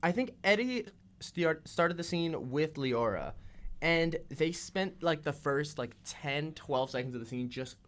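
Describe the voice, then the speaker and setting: A young man co-hosting a casual podcast, a little out of breath, haltingly searching for words as he recalls scenes. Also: a little high, lively intonation, a bit bright. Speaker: co-host.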